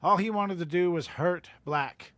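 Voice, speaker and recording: A man co-hosting a casual podcast, recapping a book chapter in a brisk, matter-of-fact way. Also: sits high, a bit bright, no echo. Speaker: podcast co-host. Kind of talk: casual chat and reading aloud.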